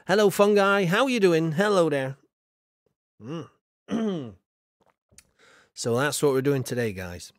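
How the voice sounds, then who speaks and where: A man's voice: mid-range voice, dry recording, studio quality. A man streaming a building game, chatting casually with viewers and rambling with lots of fillers. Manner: many fillers and trailing asides. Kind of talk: casual livestream chat while building in a game.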